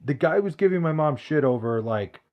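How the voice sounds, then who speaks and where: A man's voice: on the high side, expressive, moderate pace, dull audio. A young man, chatting casually and profanely, rambling and restarting his sentences as he reads live chat. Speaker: podcast host reading live chat.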